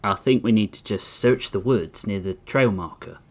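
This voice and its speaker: A man playing a blunt folksy lawman, lower voice, storybook reading. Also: normal speed. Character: gruff small-town male police chief, blunt.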